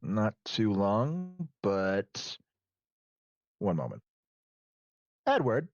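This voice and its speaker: A man playing a composed demon heir and powerful boss, speaking in a calm, businesslike way. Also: on the low side, very slow, no room sound, muffled recording, full character voice.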